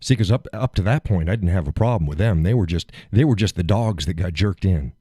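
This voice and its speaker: Middle-aged male host, low mellow voice, animated profane storyteller, dry close sound. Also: fairly quick, breathy edge, dry recording. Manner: animated retelling, acts out quotes, profane, laughs often. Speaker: live show host. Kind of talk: casual storytelling on a live stream.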